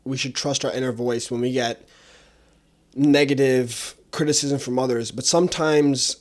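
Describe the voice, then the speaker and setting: A man's voice: mid-range voice, steady tone, normal speed. A young man hosting a podcast, speaking candidly and casually with some slang. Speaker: podcast host. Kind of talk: casual conversation.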